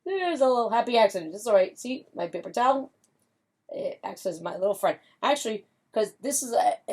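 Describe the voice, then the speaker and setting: A woman's voice: medium pitch, a little mellow. A woman chatting her way through a casual watercolor painting demonstration, upbeat and full of fillers, humming little tunes as she works. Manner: chatty and upbeat, with frequent fillers and hummed doo-doo sounds. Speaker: pet portrait artist and painting instructor.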